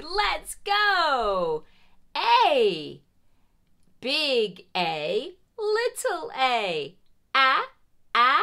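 Lady teaching little kids the abcs, super slow and bouncy, really expressive ups and downs. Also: sits high. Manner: slow, sing-song, exaggerated teacher voice. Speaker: preschool teacher. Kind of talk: children's lesson.

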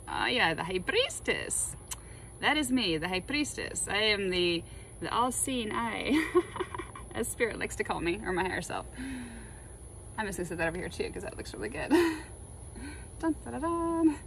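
A woman with a somewhat low voice talks casually as she lays out tarot cards. She is chatty and excitable, drifting into spiritual musings. A faint background noise sits under her voice. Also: a little fast, vocal fry, poor audio. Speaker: tarot reader. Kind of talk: casual chat while laying tarot cards.

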